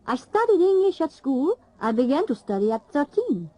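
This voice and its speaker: A woman speaks with an animated, swinging pitch that sits a little high. She delivers a scripted language-lesson monologue in a clear, lively way. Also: normal speed, low-quality recording. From Italy. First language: Italian. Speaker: learner recounting experience.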